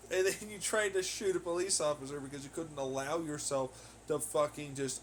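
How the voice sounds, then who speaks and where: A young man talks on his podcast in a loose, rambling way, full of swearing and sudden rants. His voice sits a little higher than most men's. Faint background noise sits under the recording. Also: a little fast. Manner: heavy swearing, ranting. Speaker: podcast host. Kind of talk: casual rambling monologue. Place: home on laundry day.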